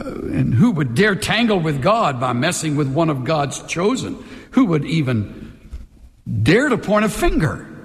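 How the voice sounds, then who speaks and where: Male pastor, emphatic sermon, animated high voice, church hall echo. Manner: impassioned, emphatic, leads call-and-response. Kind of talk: sermon with altar call. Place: church sanctuary.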